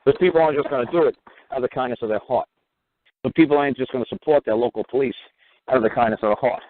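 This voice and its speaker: A man's voice: mid-range voice, very fast, no room sound. A man hosting a radio talk show, talking in a rambling, profane monologue that keeps coming back to "you know what". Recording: tinny phone-line sound.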